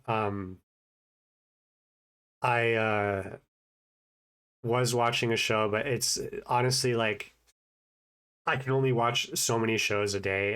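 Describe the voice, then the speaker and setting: A man giving a casual spoken update, with a naturally mumbling voice, a self-conscious, low-key manner, and many fillers and restarts. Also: fairly bright tone. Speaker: vlogger, language learner.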